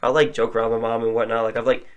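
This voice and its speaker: Young male podcast guest, mid-pitch, chatty, laughs as he tells stories. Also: little pitch movement, rapid-fire, clear, resonant tone, highs cut off. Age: young adult. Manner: laughing storyteller, acts out quotes. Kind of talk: casual chat.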